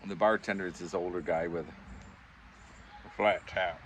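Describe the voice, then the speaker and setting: An older vlogger with a low-pitched, fairly bright voice talks at a measured pace, pausing often, from his backyard pub shed. He tells rambling, chuckling pub stories and does the voices of those he quotes, with slight background noise.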